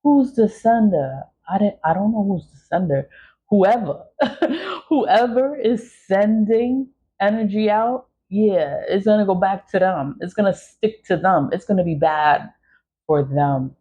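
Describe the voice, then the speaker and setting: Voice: medium pitch, expressive, measured pace, dark tone, husky. Vlog host, blunt and emphatic, swears freely, mid-range voice, slightly muffled audio. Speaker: content creator. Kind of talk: casual vlog monologue.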